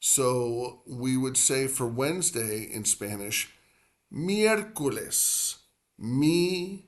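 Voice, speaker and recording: A man's voice: mid-range voice, steady tone, slow pace. A man teaching Spanish pronunciation, explaining at length with many fillers and drawing out the words he repeats. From grew up near the Atlantic coast. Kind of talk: language lesson.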